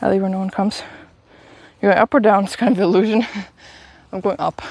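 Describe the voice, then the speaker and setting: A woman's voice: mid-range voice, steady tone, fairly quick, darkish tone. A young woman chats into her phone as she walks outdoors on a live stream. She rambles through stories with laughs and swearing, sounding a little under the weather. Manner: chatty, rambling storytelling with frequent laughs and swearing. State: sick, stuffy. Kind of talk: casual live-stream chat while walking. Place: outdoors walking uphill in a town.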